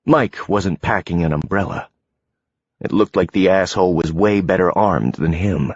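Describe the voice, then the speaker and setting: A man narrating an audiobook in a measured, deliberate way. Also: deep voice, no room sound. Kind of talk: scripted narration. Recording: dull, dry, lo-fi audio.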